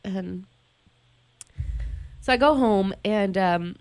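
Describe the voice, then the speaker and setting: A woman's voice: mid-range voice, extremely slow, smooth. A woman in a studio, candidly telling an emotional personal story with lots of "like" and restarts. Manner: candid, heavy use of "like" and restarts. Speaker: guest telling her story. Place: radio studio.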